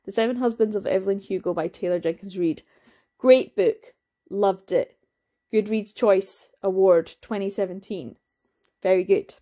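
A woman's voice: mid-range voice, normal speed, dark tone. A woman giving casual, opinionated book reviews in a chatty, candid way, laughing now and then. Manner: acts out quoted voices, laughs.

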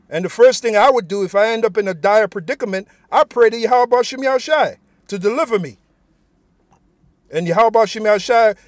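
A preacher with a high male voice gives an informal sermon, reading scripture aloud and speaking bluntly and with profanity. He often tacks "man" onto his sentences, and the recording is dry.

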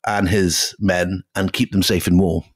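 Male podcast co-host, deep-ish voice, casual history chat, stumbles and repeats words. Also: level tone, husky, no echo. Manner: halting, repeats words while thinking.

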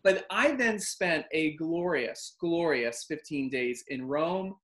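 A man hosting a casual chat, telling a long travel story with lively acted-out quotes. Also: a little high, slow. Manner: animated, acts out quotes and voices. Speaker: host.

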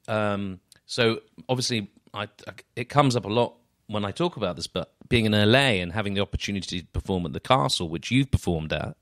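A man's voice: on the low side, a bit bright, dry recording, clean studio sound. Reflective male podcast host. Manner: reflective, halting with restarts. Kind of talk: casual podcast conversation.

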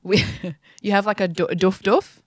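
A woman's voice: mid-range voice, steady tone, no echo. A woman from Australia with an Australian accent, hosting a casual interview in a chatty, playful way. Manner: chatty, playful, quick to laugh. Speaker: podcast host.

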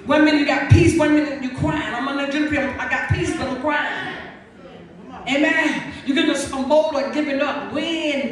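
A woman apostle preaching a rhythmic call-and-response sermon in church, repeating lines and swinging between shouts and soft pleading. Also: high voice, steady tone, normal speed, crowd noise. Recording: echoey room, far from mic, music behind.

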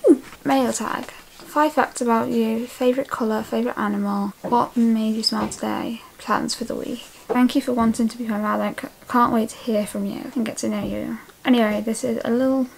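A young woman vlogging as she opens her mail, gushing and excitable, with a lot of "oh my gosh". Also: a little high, brisk, gravelly, a little hiss or hum, rough recording. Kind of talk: casual mail-opening vlog.

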